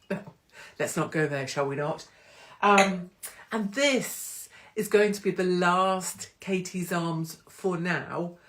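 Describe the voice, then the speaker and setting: A middle-aged woman hosting a casual live-stream chat on her phone, teasing and greeting viewers by name. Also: sits low. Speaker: host of a live online pub show. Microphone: phone livestream.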